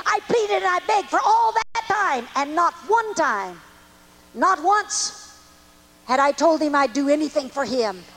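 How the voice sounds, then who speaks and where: Woman evangelist, very high voice, earnest folksy testimony preaching. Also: a bit bright. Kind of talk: testimony sermon.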